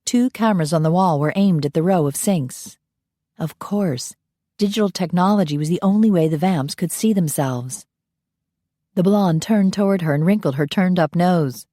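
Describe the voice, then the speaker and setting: A woman narrating a paranormal romance audiobook in an even, measured storytelling voice. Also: fairly low pitch, dry recording, studio quality. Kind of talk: scripted narration.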